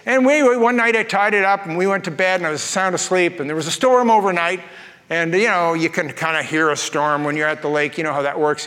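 High-voiced man preaching in a reverberant hall. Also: pushed and bright. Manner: folksy storytelling with jokes. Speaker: pastor. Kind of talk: sermon.

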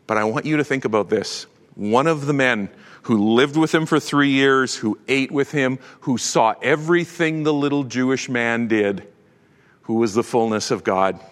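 A man preaching a sermon with animated delivery, swinging from loud proclamation to hushed tones. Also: medium pitch, moderate pace, big-room sound. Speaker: pastor.

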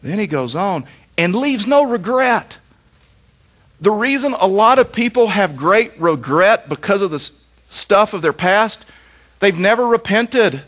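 A man's voice: high-pitched, animated, unhurried, fairly bright tone. A middle-aged man pastor preaching a sermon, with emphatic repetition and rhetorical questions.

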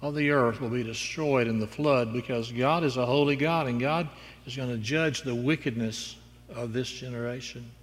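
A man's voice: medium pitch, normal speed. A male pastor preaching a sermon, moving from storytelling to emphatic declarations. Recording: long reverb in a large hall.

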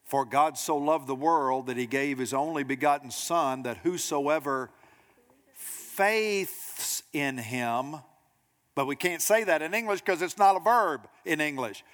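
A man preaching a sermon to a congregation, lively and direct, acting out quoted voices and asking the room questions. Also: on the high side, moderate pace, hardly any pauses, in a large hall. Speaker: pastor. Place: church sanctuary.

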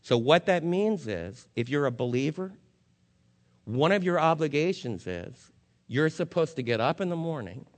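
A male pastor preaching a sermon, firing rhetorical questions at the congregation and swinging from loud emphasis to low, somber warnings. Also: sing-song, moderate pace. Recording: long hall reverb.

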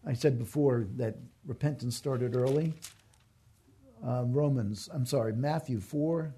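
A man's voice: medium pitch, unhurried, warm tone, husky. A man delivering a sermon as a pastor, earnest and emphatic, repeating his key phrases.

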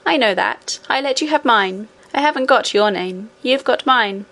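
Lady doing a calm old queen granny, gentle and sure, storybook voice. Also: fairly high pitch, moderate pace. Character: ancient gentle queen, great-great-grandmother.

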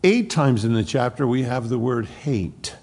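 A man preaching a sermon at a deliberate, unhurried pace, leaning hard on key words as he quotes scripture. His voice has a gravelly edge, and it rings out with a long reverb in a church hall. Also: mid-range voice, lively intonation, darkish tone. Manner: slow, emphatic Bible exposition with quoted scripture.

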